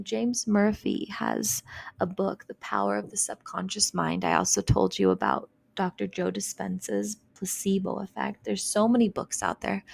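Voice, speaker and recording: A woman hosting a solo self-help podcast, talking in a gentle, reflective, casual way with plenty of "like" and "you know". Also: mid-range voice, vocal fry, no room sound. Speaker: podcast host.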